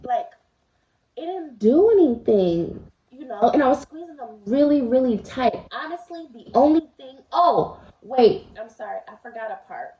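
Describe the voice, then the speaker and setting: A woman's voice: high-pitched, lively intonation, normal speed. A woman vlogger telling a personal story in a casual, confiding way, talking straight to her viewers while eating. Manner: chatty, confiding, addresses viewers directly. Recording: roomy, slightly dull home recording.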